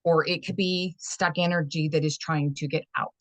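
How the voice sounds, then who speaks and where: Low-voiced woman telling her story. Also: fairly even intonation, normal speed, no room sound. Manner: earnest, frank, with frequent restarts. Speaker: holistic fitness and life coach guest. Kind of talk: candid personal storytelling.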